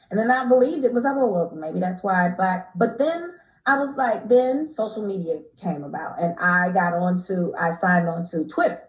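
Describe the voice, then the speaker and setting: An American woman telling an animated story as an interview guest, emphatic and quick to laugh, her pitch swinging from low to high. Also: reverberant, lo-fi sound. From United States.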